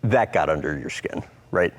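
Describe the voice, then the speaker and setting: Male interviewer, deep low voice, direct and probing. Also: animated, normal speed. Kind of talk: interview questions.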